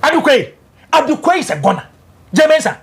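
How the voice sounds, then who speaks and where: A man's voice: very high voice, big pitch swings, moderate pace, vocal fry. A man with a Ghanaian English accent, debating politics on a talk show and mixing in Twi. He is emphatic and keeps repeating his points. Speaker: political panelist.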